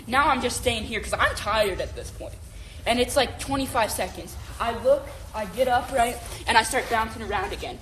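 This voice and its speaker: A young woman co-hosting a podcast, telling a long story in a casual, animated, rambling way with lots of fillers and "right?" checks. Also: on the high side, normal speed, slight background noise. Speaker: podcast co-host.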